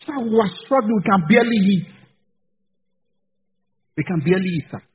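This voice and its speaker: A man's voice: sits high, moderate pace, breathy edge. A man with a Nigerian accent preaching a sermon as a pastor, passionate, with personal stories and pidgin asides. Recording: tinny phone-like recording.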